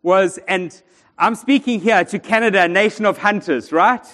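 Pastor, high voice, joking sermon, church hall reverb. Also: male voice, normal speed, a bit bright. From South Africa. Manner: joking, banters with the congregation.

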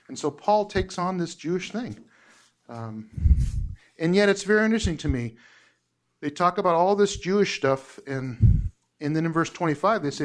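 A man with a fairly high voice teaches a casual Bible course. He tells the story in an animated way, acts out the quotes, and laughs often as he goes. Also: brisk.

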